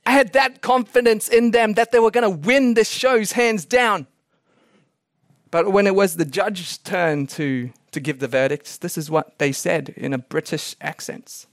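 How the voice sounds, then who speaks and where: Weaving lively stories and laughing asides into his message, this male pastor delivers a sermon for a podcast a little slowly. He has a fairly high voice for a man, captured in a dry, close podcast recording without echo.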